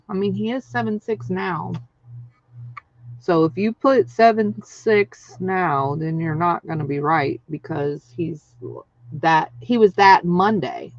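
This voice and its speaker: A woman hosting a casual craft livestream, chatty and excitable, laughing often and reading out viewer names. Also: medium pitch, dry recording. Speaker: craft channel host. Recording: dry, dull lo-fi sound.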